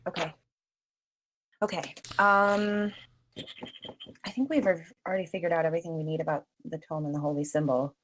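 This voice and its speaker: A woman's voice: sits low, fairly even intonation, moderate pace, long pauses, fairly bright tone, slight background noise, poor audio. A woman playing a tabletop game in a chatty, upbeat way, full of fillers. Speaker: player.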